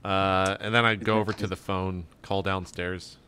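A man's voice: low-pitched, normal speed, smooth. A man playing a tabletop game, casually describing what his character does. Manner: relaxed, describing his actions. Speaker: player.

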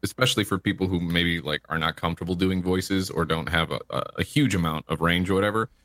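A man's voice: deep voice, fast talker, a bit bright, no room sound, studio quality. A man in a casual chat who talks bluntly, jokes and swears casually.

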